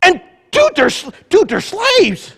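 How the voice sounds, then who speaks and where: Guy putting on a flustered god voice, way higher, yelping slangy surprise. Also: huge pitch swings, slow, a bit bright, big-room sound, heavily acted. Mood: startled. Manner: exclaiming, casual slang. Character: flustered surprised deity, caught off guard.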